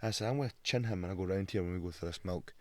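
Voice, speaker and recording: A Scottish man in his thirties, a guest on a podcast, telling lively stories in casual chat, swearing freely and acting out the voices of people he meets. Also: sits low, rapid-fire, dry recording. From Scotland. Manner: animated storyteller, swears a lot, acts out quotes. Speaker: guest, pro fighter.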